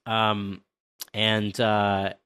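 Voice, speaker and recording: A man's voice: lowish voice, monotone, drawn-out words, a bit bright, clear, resonant tone. A man on a podcast casually recapping a comic chapter, hesitant and full of ums and uhs.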